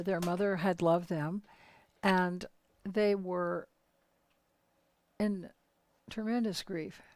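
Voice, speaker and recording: A woman leading a spiritual workshop, telling teaching stories in a calm, measured, unhurried way. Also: fairly low pitch, creaky, dry recording. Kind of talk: teaching storytelling.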